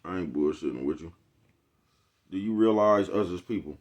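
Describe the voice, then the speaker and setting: Speaking at a normal speed in a very low voice, this YouTube host delivers a casual, meandering monologue to his viewers. He's slangy and profane, laughs softly between thoughts, and keeps repeating the same catchphrase.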